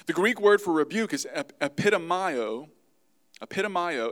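A man preaching a sermon to his congregation, lively and acting out the voices he quotes. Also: a little high. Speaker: pastor.

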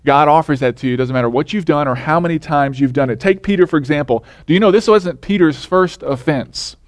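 A man's voice: on the high side, brisk, no echo. Man preaching a conversational sermon. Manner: conversational preaching, asks the congregation questions. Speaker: pastor.

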